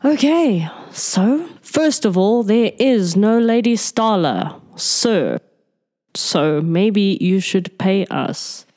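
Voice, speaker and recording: A woman's voice: medium pitch, lively intonation, extremely slow, dark tone. A woman playing a tabletop game, speaking in character in an earnest, persuasive way. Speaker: player.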